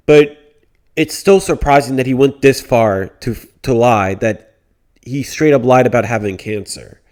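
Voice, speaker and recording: An indignant man ranting through a casual commentary, blunt and loose, swearing often and stumbling into restarts. His voice sits at an ordinary middle pitch, and he keeps circling back to repeat his point. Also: darkish tone. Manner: mocking quoted whiny voices. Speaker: commentary YouTuber.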